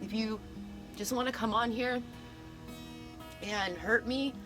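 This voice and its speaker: A woman's voice: a little high, steady tone, music in the background. Woman in her 30s, emotional mess, teary confessional vlog, shaky little laughs, song going in the background. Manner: emotional, halting, with nervous laughs. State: tearful, emotionally raw. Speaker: vlogger.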